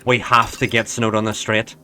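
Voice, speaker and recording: A man streaming a racing management game, commenting in a frantic, pleading way that swings from hushed to yelling. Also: lowish voice, flat delivery, fast talker, a little hiss or hum. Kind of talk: excited live gameplay commentary.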